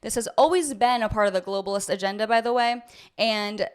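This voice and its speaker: A woman's voice: mid-range voice, brisk, clean tone. A woman from the United States giving a heated, opinionated commentary as a vlogger, talking to her viewers with a sarcastic edge. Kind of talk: ranting commentary to camera.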